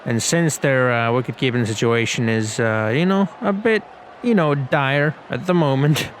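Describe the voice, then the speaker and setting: A man's voice: mid-range voice, moderate pace, slight background noise. A man hosting a gaming video, giving casual play-by-play commentary in a chatty, rambling way with slangy asides.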